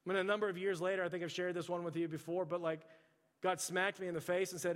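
A pastor preaches a sermon as chatty storytelling, restarting often and saying "like" a lot. His voice is high-pitched, a bit bright, level in tone, and fast, echoing in a reverberant church hall.

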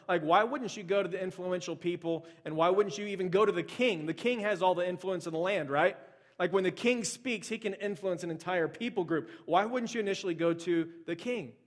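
A male pastor from the United States preaching a casual, conversational sermon, telling stories with lots of fillers and restarts. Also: sits high. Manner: storytelling, many fillers and restarts.

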